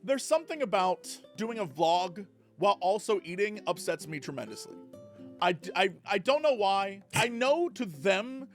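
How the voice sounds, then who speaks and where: A man's voice: sits high, very animated, moderate pace, soft background music. A man giving casual reaction commentary, sarcastic and incredulous.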